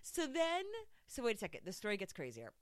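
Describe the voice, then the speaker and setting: Woman, storyteller in casual chat; animated, voices the people in her story, swears, sometimes mutters low. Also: quick pace, clean tone, dry recording, clean studio sound. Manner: animated storytelling, acting out quotes, swearing freely.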